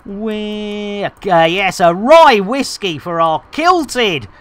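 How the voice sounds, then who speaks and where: A woman's voice: medium pitch, lively intonation, extremely slow. A woman streamer giving cheeky, bantering live commentary into a desk microphone.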